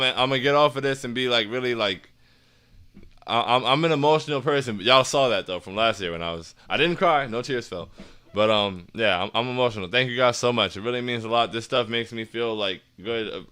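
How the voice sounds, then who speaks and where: Young guy streaming, slangy and hyped, bright crisp voice. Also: medium pitch. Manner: hyped, slangy, drops to soft and earnest. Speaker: fan show host reading chat. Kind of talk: casual livestream chat.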